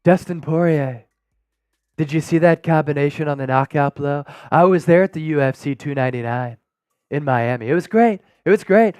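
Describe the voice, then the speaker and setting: A man putting on a gruff, exaggerated celebrity impression for a live stream. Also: a little high, moderate pace, a little mellow, no echo, voice pushed down, close to an everyday voice. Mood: boastful. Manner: exaggerated impersonation voice. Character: gruff male celebrity impersonation, boastful.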